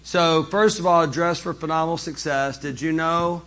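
A man giving a live business seminar, lively and jokey, speaking straight to the audience. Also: on the high side, normal speed.

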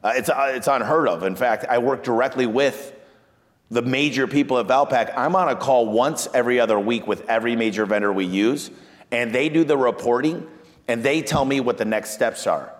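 A man's voice: normal speed, long reverb tail. A man, a business owner, talking energetically about marketing and sales, telling stories and acting out what customers say. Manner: energetic storyteller, acts out quoted clients in a higher voice. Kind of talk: animated business talk.

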